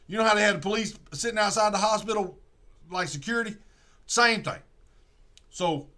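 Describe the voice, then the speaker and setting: A man with a bright, forceful voice pitched a little high retells a movie he watched. He rambles and corrects himself, and he drops low to act out the characters' lines. The tone is casual livestream chat. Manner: rambling storytelling, acts out quotes in a low voice. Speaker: livestream host.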